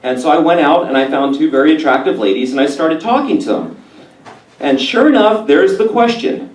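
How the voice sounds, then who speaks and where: A man doing a crude stand-up comedy set, telling stories deadpan and jumping into high voices for the people he quotes. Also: fairly quick, a little hiss or hum. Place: theater stage before a live audience. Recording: roomy live room, mic at a distance, loud crowd laughter. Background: audience laughing.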